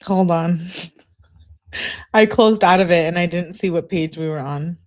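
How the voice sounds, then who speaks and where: A woman's voice: lowish voice, measured pace. A woman hosting a casual livestream, chatting and reading messages aloud with awkward, laughing asides. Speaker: streamer host.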